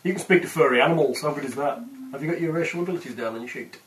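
A man's voice: a little high, rapid-fire. A man running a tabletop game as game master, teasing his players in casual chat and laughing often. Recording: roomy, distant, noisy home recording.

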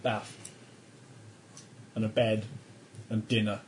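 A man's voice: fairly low pitch, little pitch movement, slow, slight background noise, rough recording. A man narrating a tabletop horror game as game master, descriptive and easygoing, laughing along with the players.

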